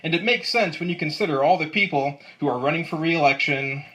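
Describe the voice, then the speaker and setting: A man's voice: a little high, a little fast, sharp tone. A man in his twenties performing stand-up comedy, delivering dry one-liners and chuckling at his own jokes. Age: 20s. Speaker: amateur comedian. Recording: live set with audience laughter. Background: audience laughing.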